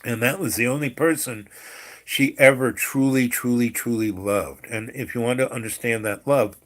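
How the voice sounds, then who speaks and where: A man's voice: mid-range voice, fairly bright tone. A man telling a long family story in casual talk, wandering off on tangents with lots of fillers and restarts. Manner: rambling, digressive, many fillers and restarts.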